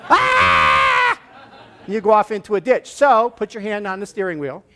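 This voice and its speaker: A man speaking as guest at a church service, giving an inspirational talk with lively acted-out scenes and inviting his listeners to join in a gesture. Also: high-pitched, fast talker. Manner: animated, acts out little scenes and leads the audience in a gesture. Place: church room with an audience.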